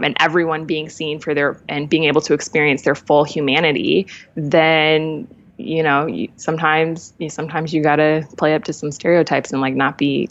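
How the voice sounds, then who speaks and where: A woman's voice: low-pitched, lo-fi sound. A woman guest talking candidly in a casual conversation, laughing often and shifting her pace. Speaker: podcast guest.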